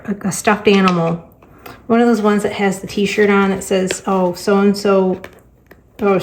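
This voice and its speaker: A woman's voice: medium pitch, a little hiss or hum. Middle-aged woman with dry sarcastic humor. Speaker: crafting vlogger and teacher. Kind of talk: casual storytelling chat while crafting.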